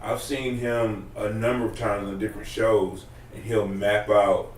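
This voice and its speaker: A man's voice: on the low side, level tone, a little slow, recorded from a distance. A man chatting casually in a loose, profane, rambling way. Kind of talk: casual podcast chat. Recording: roomy, off-mic, faint room noise.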